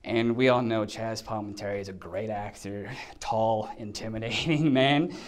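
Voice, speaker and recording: A male actor telling an animated story in a casual chat, acting out quotes and sound effects. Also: lowish voice, moderate pace. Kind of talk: casual anecdote.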